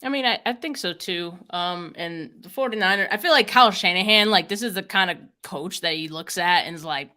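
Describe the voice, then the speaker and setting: Low-voiced woman co-hosting a podcast. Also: fairly quick, few pauses. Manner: self-described mumbler, casual and relaxed. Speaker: podcast co-host. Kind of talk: casual live-stream podcast chat.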